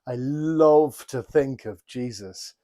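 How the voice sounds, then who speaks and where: A man talking through scripture on a relaxed podcast, with a voice that sits in the middle of the male range. He wanders, repeats his words and stops to apologise before carrying on. It sounds like an easy, unscripted conversation. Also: medium pitch, slow. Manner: rambling, self-interrupting, apologetic asides. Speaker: podcast co-host. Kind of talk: casual Bible study chat.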